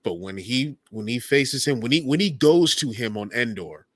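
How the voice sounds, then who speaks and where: Lively, bright-voiced man on a podcast. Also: mid-range voice, moderate pace, husky, dry recording. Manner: animated, jokey, acts out quotes in loud voices. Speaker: podcast co-host. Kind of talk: casual chat.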